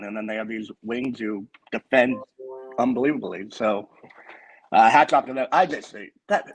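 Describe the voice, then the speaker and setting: A man's voice: mid-range voice, husky, rough recording. A man co-hosting a sports podcast in casual chat, blunt and opinionated. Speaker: podcast co-host.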